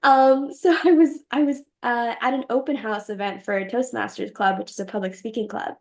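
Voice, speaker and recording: A young woman telling a story as an interview guest, bubbly and giggly, acting out her own reactions in quoted lines. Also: high-pitched. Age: young adult. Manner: bubbly, giggly, quotes herself in animated voices. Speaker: podcast host and guest.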